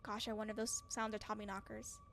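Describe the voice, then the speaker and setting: A woman's voice: medium pitch, flat delivery, fast, gravelly, a bit bright, a little hiss or hum. A woman hosting a let's play, joking anxiously as she plays and reacts. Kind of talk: casual gameplay commentary. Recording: game music behind.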